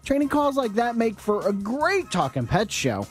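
Lively, playful woman radio announcer. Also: fairly high pitch, moderate pace, soft background music. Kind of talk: show segment hosting.

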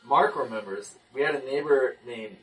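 Animated young man, bright distant voice. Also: mid-range voice, normal speed. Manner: animated storyteller, restarts and repeats. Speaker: person giving a testimony. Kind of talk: casual testimony in a group talk. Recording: distant mic.

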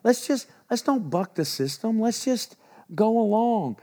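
Man, pastor, folksy animated sermon, high voice, church. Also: unhurried. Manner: folksy, animated storytelling with laughs and acted quotes. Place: church in Texas.

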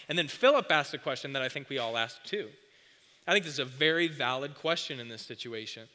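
A man's voice: mid-range voice, sharp tone. A man preaching a sermon in an emphatic, conversational way, often asking the crowd questions. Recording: long hall reverb.

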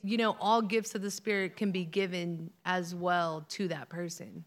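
A woman's voice: fairly low pitch, little pitch movement, moderate pace, big-room sound. A woman in a church congregation asking the pastor a hesitant question, restarting as she goes.

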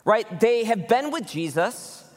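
A male pastor preaching a conversational, animated sermon, often acting out the voices of people in the story. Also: high voice, measured pace, big-room sound. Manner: animated, conversational, acts out voices in Bible stories. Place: church.

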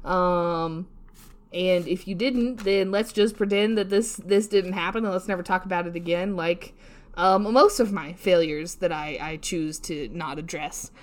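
A woman's voice: fairly low pitch, a little slow. A young woman co-hosting a podcast, talking in a loose, meandering way. She laughs often, trips over her words and restarts, and swears casually. She keeps making fun of herself. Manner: rambling, self-deprecating, giggly, swears casually. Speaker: podcast co-host. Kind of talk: casual solo podcast rant.

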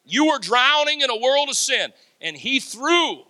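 Male pastor, energetic sermon delivery, bright tone. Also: very high voice, a little slow. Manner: animated preaching, laughs, acts out quotes.

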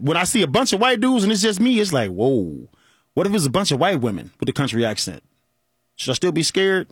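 A man's voice: on the high side, husky, dry recording, studio quality. A man, hosting a call-in talk show and joking and laughing as he talks. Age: 40s. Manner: animated, joking, laughs often. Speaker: radio show host.

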